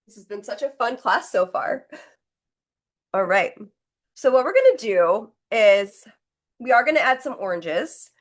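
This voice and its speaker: A woman's voice: on the high side, sing-song, measured pace, long pauses. A woman leading a live online painting class, talking through each step in a chatty, encouraging way as she demonstrates. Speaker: painting instructor.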